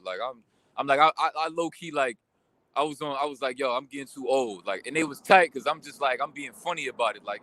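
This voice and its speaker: A young man telling a story in a casual vlog rant, animated and full of slang, venting about a pickup game. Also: fairly high pitch, a little fast. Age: young adult. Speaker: vlogger.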